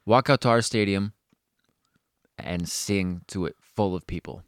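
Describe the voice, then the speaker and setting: A man's voice: low-pitched, measured pace, dry recording, studio quality. A young Canadian man co-hosting a podcast, joking around in casual chat, swearing casually and laughing often. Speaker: podcast co-host.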